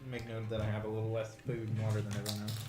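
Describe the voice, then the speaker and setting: A man playing a tabletop game, talking casually and quickly. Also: on the low side, completely flat delivery. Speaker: player. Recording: distant echoey mic with music.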